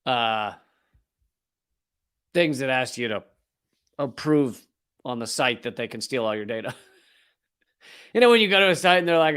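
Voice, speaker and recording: A man's voice: mid-range voice, animated, moderate pace, long pauses, a bit bright, smooth. Profane, sarcastic male comedy host. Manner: profane, sarcastic, rambling with restarts. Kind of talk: comedic news monologue.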